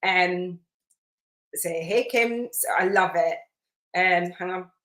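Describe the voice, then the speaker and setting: A woman's voice: on the low side, level tone, slow pace. A woman hosting a live spiritual business masterclass, chatty and effusive, rambling with fillers as she reads out viewer comments. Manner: warm, effusive, rambling with many fillers and restarts. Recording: roomy echo.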